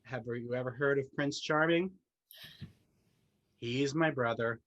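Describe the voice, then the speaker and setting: A young woman playing a nerdy, proudly geeky young prince in a stage comedy, with a husky voice. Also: extremely low pitch, unhurried, highs cut off. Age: young adult. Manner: eager, nerdy.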